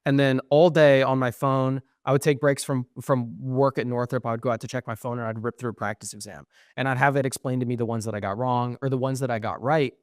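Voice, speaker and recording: Talking fast with hardly any pauses, a young man co-hosting a podcast rambles through a personal story, cursing liberally and performing both voices in the exchanges he recounts. His voice is average in pitch, captured dry and close with no room sound.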